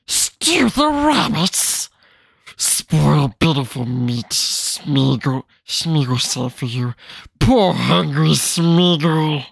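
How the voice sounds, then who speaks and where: Man doing Gollum, raspy and hissing. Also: fairly high pitch, very animated, extremely slow, no room sound, studio quality, full character voice. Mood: hungry wheedling. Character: wretched cave creature, male, hissing and split-minded.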